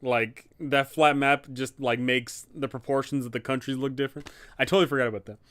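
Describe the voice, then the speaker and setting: A man's voice: mid-range voice, fairly even intonation, a little fast, a bit bright, no room sound. A man, a dungeon master hosting a live Q&A stream, chatting casually and rambling. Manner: rambling, lots of fillers and restarts.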